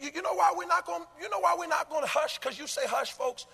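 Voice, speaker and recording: A man a sermon in a rhythmic, sung cadence that swells into shouted chanting. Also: extremely high pitch, quick pace, gravelly, long reverb tail. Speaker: preacher.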